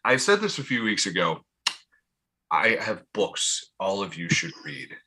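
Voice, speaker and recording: A man's voice: deep voice, measured pace, breathy edge. A man hosting a wrestling podcast, ranting in casual chat with some swearing. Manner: animated, profane rants. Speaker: podcast host.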